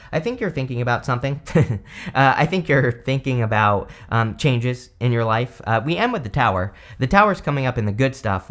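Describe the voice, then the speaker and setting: A man's voice: fairly low pitch, fairly bright tone. A man giving a casual tarot reading, talking loosely with many fillers and self-corrections. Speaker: tarot reader.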